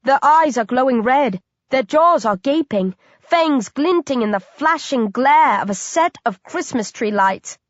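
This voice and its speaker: A woman's voice: sits high, lively intonation, measured pace, no room sound, lo-fi sound. A woman reading a first-person horror audiobook in a dramatic, intense manner. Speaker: audiobook narrator.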